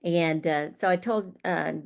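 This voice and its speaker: An older woman guest, retired, telling lively stories from her career and laughing often. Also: fairly low pitch, measured pace, gravelly. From Arizona, USA. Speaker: guest speaker. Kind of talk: storytelling.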